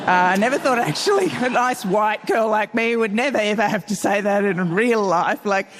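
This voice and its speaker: A middle-aged Australian woman telling a comic story on stage at a live event, wry and animated, acting out the dialogue. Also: mid-range voice, moderate pace, slight background noise. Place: large town hall stage before an audience. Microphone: stage mic. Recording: long hall reverb, live event.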